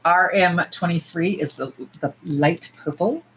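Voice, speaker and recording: A woman from the United States hosts a nail-swatching livestream, talking in a lively, casual way with plenty of cursing and "y'all." Her voice is lowish and unhurried; the recording is rough, with a bit of background noise.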